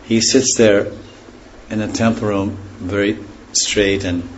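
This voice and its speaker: A man with a fairly low voice teaches a scripture class at an unhurried, reflective pace. He stops often to explain words, and his phrases fade softly at the ends. A faint background hiss sits under his voice. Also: fairly even intonation, poor audio. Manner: pauses to explain words and terms. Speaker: spiritual teacher.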